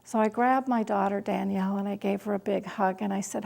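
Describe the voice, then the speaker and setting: A middle-aged woman telling a personal story as a caregiver, speaking slowly and deliberately, at times dropping to a hush. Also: medium pitch, fairly even intonation, creaky.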